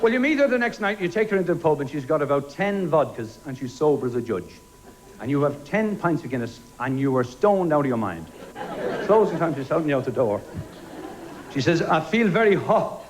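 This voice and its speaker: A man with an Irish accent doing a stand-up comedy routine, deadpan, with quick quoted exchanges. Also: a little high, some chatter behind. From Ireland. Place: television studio stage before a live audience. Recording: loud audience laughter and noise. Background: audience laughing.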